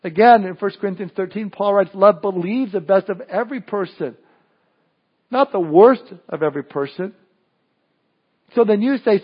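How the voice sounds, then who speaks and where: Male preacher, casual sermon delivery with frequent restarts, slightly high voice, lo-fi capture. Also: normal speed, long pauses, breathy edge. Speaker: pastor.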